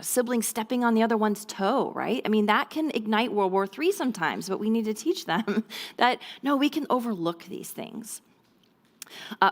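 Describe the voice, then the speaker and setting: A woman speaks to a room of mothers in a relaxed, conversational teaching style, her voice sitting at an ordinary middle pitch. She keeps checking in with her listeners and now and then slips into quick impressions of children. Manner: conversational, checks in with frequent "okay?" and "right?"; acts out children's voices in brief quoted lines. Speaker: speaker at a mothers' ministry talk. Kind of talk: church teaching talk on parenting.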